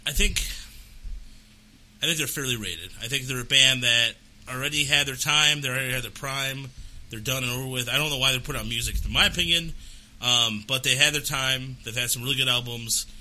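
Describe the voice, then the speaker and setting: A man's voice: mid-range voice, brisk, pushed and bright, low-quality recording. A man giving his opinions as a co-host on a casual panel podcast, hesitant and full of fillers.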